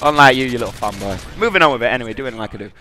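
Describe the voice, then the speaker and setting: A man's voice: medium pitch, lively intonation, very fast, bright, forceful tone, slight background noise. A young man hosting a gaming podcast, rambling and trash-talking over his gameplay. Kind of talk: gameplay commentary with banter. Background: gunfire from the game.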